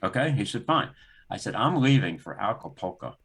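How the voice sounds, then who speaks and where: A man's voice: brisk, husky. An older man, a guest on a talk show, telling a long story in conversation, acting out the dialogue as he goes. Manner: animated, acts out dialogue in the story with rising pitch and laughter. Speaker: guest, former sports executive.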